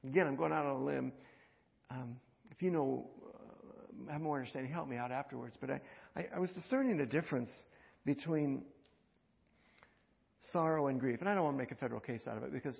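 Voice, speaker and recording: A man preaching a conversational sermon, repeating words and swinging from loud, urgent passages to hushed ones. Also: medium pitch, fairly quick, creaky, long reverb tail, lo-fi sound. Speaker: pastor.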